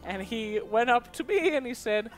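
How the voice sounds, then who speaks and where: A woman's voice: on the high side, expressive, moderate pace, music in the background. A woman on an esports panel, telling a funny work story in a playful, giggly way. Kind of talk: casual chat.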